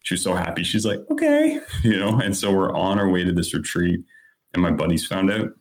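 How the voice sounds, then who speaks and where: A man in his thirties with a deep, low-pitched voice, sharing his own story as a guest on a podcast. He talks in an earnest, candid, conversational way, peppered with casual fillers. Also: fairly even intonation, fairly quick. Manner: earnest, candid, lots of "like" and "you know".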